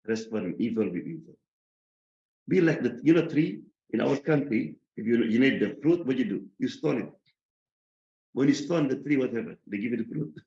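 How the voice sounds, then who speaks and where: A man's voice: mid-range voice, lively intonation, normal speed, dark tone, echoey room, dull audio. A man giving a tafsir lecture as imam, speaking in simple broken English, asking the audience questions and laughing often.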